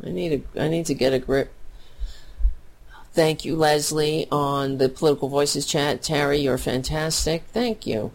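A political talk show host livestreams casual commentary in a low, creaky voice at a measured pace. She talks bluntly and heatedly, and emotion rises as she thanks her viewers.

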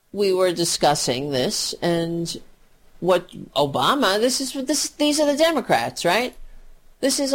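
A woman filling in as a radio talk host, ranting about politics in a profane, indignant and sarcastic way. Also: on the low side.

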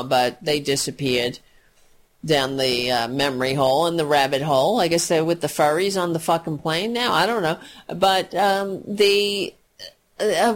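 A woman giving a heated, profane political rant, full of sarcasm and mocking asides. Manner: mocking voices with pitch jumps.

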